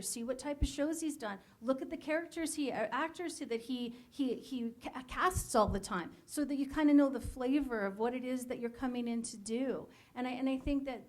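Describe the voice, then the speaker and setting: A woman's voice: high-pitched, darkish tone. A woman casting director giving blunt, frank advice to actors in a panel talk, laughing now and then.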